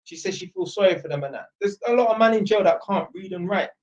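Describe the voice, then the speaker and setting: A man's voice: high-pitched, lively intonation, quick pace, darkish tone. A young man chatting on a live stream, rambling and blunt, swearing freely. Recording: dull lo-fi sound.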